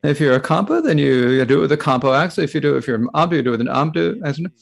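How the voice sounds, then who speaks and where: A man with a gravelly edge carries a Buddhist Dharma talk into English in a halting way, breaking off and restarting often. His pitch rises and falls widely, and filler sounds keep filling the gaps. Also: lively intonation.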